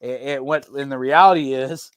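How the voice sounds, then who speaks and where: A man, a head football coach talking casually on a podcast in a relaxed, rambling way with many restarts. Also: mid-range voice, moderate pace, clear, resonant tone, dry recording.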